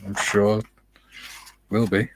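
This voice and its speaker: Casting: male co-host, low and very slow, short remarks, faint background noise. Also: level tone, rough recording. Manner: brief interjections and agreement. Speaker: livestream co-host. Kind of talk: casual chat.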